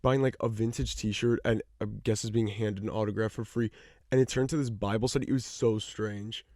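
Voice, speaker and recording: A man's voice: on the low side, fairly quick, no room sound, clean studio sound. Man telling a story, acting out voices. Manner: animated, acts out the people in his stories, swears freely. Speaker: podcast co-host. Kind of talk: casual storytelling chat.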